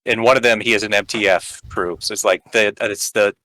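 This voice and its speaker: A man's voice: lowish voice, steady tone, fairly quick, pushed and bright, dry recording, rough recording. A man co-hosting a podcast, narrating a screenplay-style story and chatting casually. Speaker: podcast co-host. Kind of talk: narrating a script aloud, casual chat.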